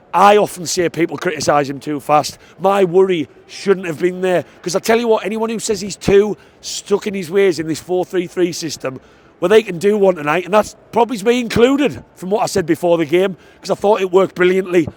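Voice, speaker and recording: A man giving an excitable post-match football fan reaction outside the stadium, stressing his points. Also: high-pitched. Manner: excitable, emphatic, repeats "I tell you what".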